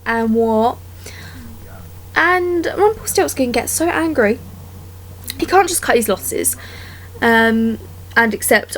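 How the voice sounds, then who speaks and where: A young woman recounting old fairy tales in a mocking, exasperated and sweary way. Her voice sits on the higher side and she talks slowly, dwelling on each jab. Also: expressive, a bit bright, slight background noise. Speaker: vlogger. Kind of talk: sarcastic storytelling commentary.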